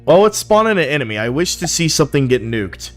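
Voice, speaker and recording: A man's voice: on the high side, sing-song, quick pace, soft background music. A young man streaming, giving frank, profane, easily amused commentary on viewers' builds. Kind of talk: casual live-stream commentary.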